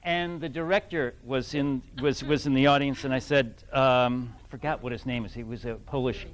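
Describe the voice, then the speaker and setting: A middle-aged man from New England telling an anecdote to a fan audience, animated and laughing, with many restarts. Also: medium pitch, normal speed. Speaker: guest actor at fan event. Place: event hall with audience.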